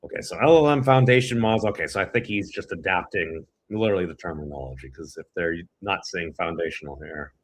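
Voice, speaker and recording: A man's voice: low voice, lively intonation, fast, hardly any pauses, slightly rough. A man from New England, co-hosting a podcast and giving rambling, self-interrupting commentary while reading an article. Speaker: podcast co-host.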